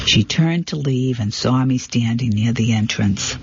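A man narrating a first-person mystery novel in a steady reading voice, sometimes stumbling and correcting himself. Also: medium pitch, a little slow, few pauses, muffled recording, noisy background. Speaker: audiobook reader.

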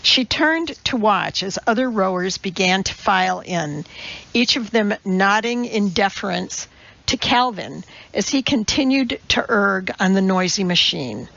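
A woman narrating a novel as an audiobook in a measured, even storytelling manner. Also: mid-range voice, creaky, lo-fi sound. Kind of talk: scripted narration.

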